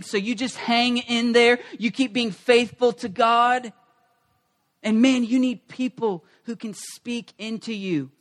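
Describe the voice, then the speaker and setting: Energetic pastor leading a call-and-response. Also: medium pitch. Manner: energetic, repeats key phrases, leads congregation in call-and-response. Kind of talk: sermon. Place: church service.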